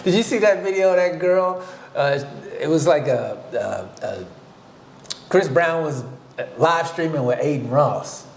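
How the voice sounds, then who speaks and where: A man's voice: fairly high pitch, lively intonation, measured pace, vocal fry, roomy sound, a little hiss or hum. A man co-hosting a podcast in casual banter, blunt and teasing, telling stories. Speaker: podcast co-host.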